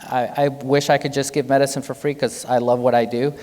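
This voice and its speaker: A man's voice: medium pitch, a little fast. Man giving a keynote in a reverberant hall. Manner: animated, conversational, jokes with the audience. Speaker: keynote speaker, physician. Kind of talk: conference keynote talk. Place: large hotel conference hall.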